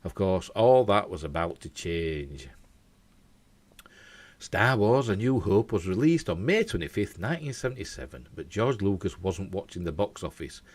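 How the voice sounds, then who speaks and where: Animated Yorkshire man reading entertainment news. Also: low voice, normal speed, no echo. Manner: animated, jokey asides. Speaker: host.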